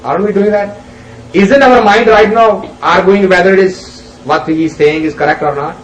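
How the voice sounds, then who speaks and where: A man giving a spiritual discourse, an unhurried teacher who tells stories and puts rhetorical questions to his listeners. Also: sits high, slight background noise. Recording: roomy, distant, dull lo-fi recording.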